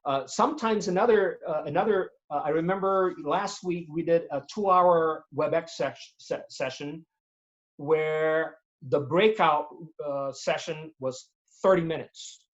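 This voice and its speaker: A man speaking as a guest on a video-call webinar, giving practical tips in an animated way, acting out examples as he goes. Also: a little high, unhurried, muffled recording. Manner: animated, demonstrates tones and voices while explaining. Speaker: guest speaker on presentation skills. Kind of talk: webinar interview answers.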